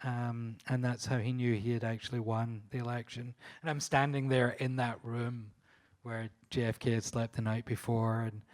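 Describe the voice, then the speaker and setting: A Scottish photographer with a Scottish accent tells lively, laugh-filled stories at a live panel talk, often restarting sentences and using fillers. His medium-pitched voice stays fairly flat, runs at a moderate pace with hardly any pauses, and sounds slightly mellow.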